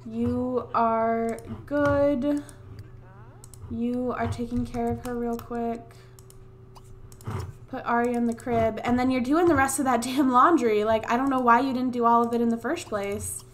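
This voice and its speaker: A woman's voice: fairly high pitch, fairly bright tone, slight background noise. A woman doing casual gameplay commentary on a USB desk mic, exasperated, swearing and scolding the characters on screen. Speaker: Let's Play gamer.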